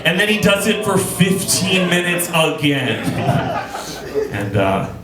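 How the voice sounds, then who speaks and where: A male comedian tells stories in a deadpan way, his pitch swinging widely and sitting a bit high. He works a roomy club as loud laughter erupts around him. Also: a little slow, crowd noise. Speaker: stand-up comedian. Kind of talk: stand-up comedy.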